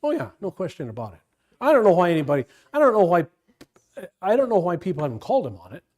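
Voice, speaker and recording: A man's voice: sits high, sing-song, quick pace, darkish tone. An older man, a pastor leading an informal Bible study, talking in a rambling, digressive way full of restarts.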